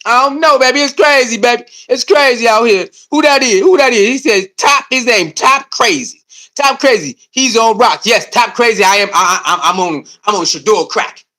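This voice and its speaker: A young man hosting a live stream, ranting loudly and excitably, repeating himself and reading and answering chat comments. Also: extremely high pitch, normal speed. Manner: loud, excitable, repetitive, swings between shouting and muttering. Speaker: livestream host. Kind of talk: fired-up live stream rant.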